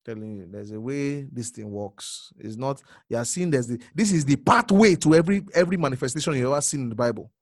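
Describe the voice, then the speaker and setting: A male preacher giving a sermon, repeating phrases and swinging from hushed murmurs to sudden loud exclamations. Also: mid-range voice, fast talker, few pauses, dry recording, studio quality.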